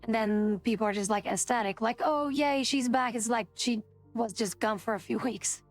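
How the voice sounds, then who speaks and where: A woman's voice: mid-range voice, steady tone, moderate pace, faint music behind. A woman streamer chatting casually, indignant and rambling, swearing often. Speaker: VTuber streamer.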